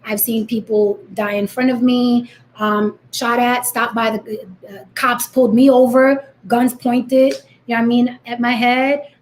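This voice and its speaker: A woman's voice: a little high, flat delivery, unhurried, a little hiss or hum. A woman in her thirties from the Bronx with a New York accent, talking bluntly and defiantly to her viewers in a vlog. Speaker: vlogger. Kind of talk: direct-to-camera rant.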